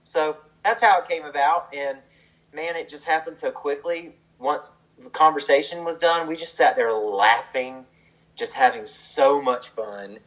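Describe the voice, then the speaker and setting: A man's voice: a little high, unhurried, fairly bright tone, poor audio. A man, a songwriter, telling a story in a casual, chatty way, with lots of fillers and the odd laugh.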